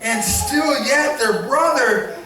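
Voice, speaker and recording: A man preaching a sermon as pastor, animated, acting out voices and calling on the congregation to respond. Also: very high voice, slow, far from the mic, a crowd in the background. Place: church sanctuary. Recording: echoey church hall, miked from afar.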